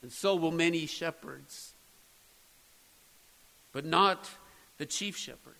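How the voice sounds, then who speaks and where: A man's voice: a little high, slow, creaky, sharp tone, big-room sound, poor audio. A man preaching a sermon, earnest and building to emphatic peaks. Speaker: pastor.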